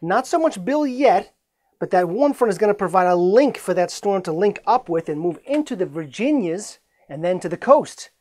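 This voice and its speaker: Chatty, jokey male weather forecaster. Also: moderate pace. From Central New York. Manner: chatty, jokey, energetic delivery with pitch swings. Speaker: meteorologist.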